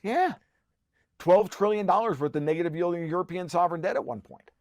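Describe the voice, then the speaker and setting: A man's voice: sits high, fairly quick, darkish tone, no room sound, clean studio sound. A man who is a podcast guest, talking in a heated conversational rant. He is profane and sarcastic, and he often restarts his sentences.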